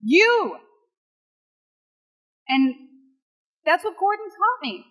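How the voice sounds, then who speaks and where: A woman's voice: extremely high pitch, sing-song, extremely slow, fairly bright tone. A woman from Puerto Rico giving an emphatic, emotional inspirational speech on stage. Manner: emphatic and emotional, quoting others dramatically. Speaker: motivational speaker. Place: large hall before an audience. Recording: echoey hall with long reverb.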